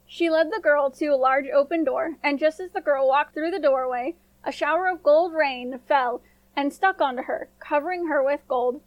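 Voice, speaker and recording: High-voiced woman storyteller. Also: moderate pace, dry recording, dull audio. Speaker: storyteller, podcast host. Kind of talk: scripted storybook narration.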